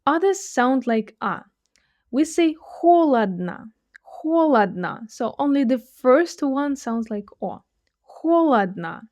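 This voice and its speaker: A woman gives a language lesson at an unhurried pace, her voice pitched a touch high. She lays out each pronunciation point clearly and models the example phrases slowly and with careful articulation. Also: darkish tone. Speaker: Russian teacher. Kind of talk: language lesson with shadowing drills.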